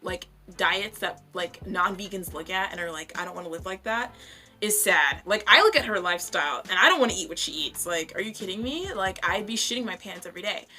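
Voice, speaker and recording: A woman's voice: mid-range voice, lively intonation, a little fast, hardly any pauses, pushed and bright. A young woman giving casual, blunt, profane commentary as she roasts other creators in her vlog, chatty and full of fillers. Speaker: vlogger reviewing other creators.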